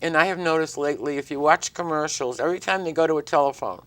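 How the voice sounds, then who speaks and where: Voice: medium pitch, fast, fairly bright tone, no echo. Host of a little tv talk show, dry close sound, mid voice, friendly rambly questions. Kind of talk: studio interview. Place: TV studio.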